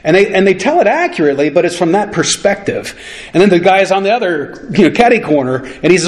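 A man preaching a relaxed, conversational sermon, with many fillers, and slowing down as he reads scripture. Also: on the high side.

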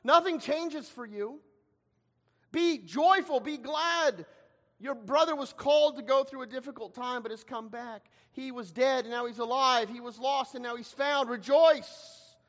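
Male preacher, very high pitch, dramatic sermon delivery, long hall reverb. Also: moderate pace, hardly any pauses. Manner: dramatic, acts out quoted voices with shifting loudness.

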